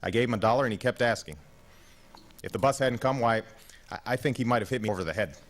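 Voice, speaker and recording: A man's voice: medium pitch, quick pace, natural voice. A man voicing a small, fretful elderly grandmother who speaks anxiously and insistently.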